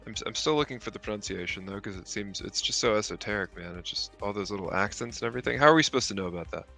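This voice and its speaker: Bright low-voiced man co-hosting a stream. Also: lively intonation, creaky, faint music behind. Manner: eager, agreeable, lots of quick "yeah" replies. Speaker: stream co-host. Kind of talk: casual live-stream chat.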